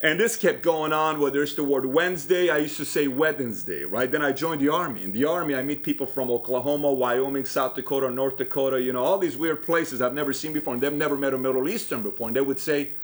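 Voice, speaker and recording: A man with an Iranian accent hosts a motivational talk, speaking straight to his viewers. He tells stories with energy and keeps asking them questions. His voice sits at an ordinary middle pitch. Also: fast, few pauses. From Iran. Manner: direct, questioning the viewer, animated storytelling. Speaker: host.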